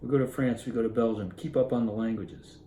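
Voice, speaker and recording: A man's voice: mid-range voice, steady tone, fast talker, mellow, echoey room, a little hiss or hum, close to an everyday voice. A man voicing a moody husband who answers coldly and defensively. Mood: curt. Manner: curt, cold and defensive.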